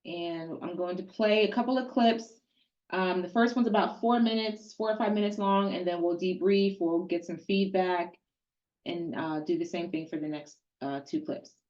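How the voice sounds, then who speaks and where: A woman with a low, mellow voice hosts an online team meeting and speaks in a plain, businesslike way. The audio is dull and lo-fi. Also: normal speed. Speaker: meeting host.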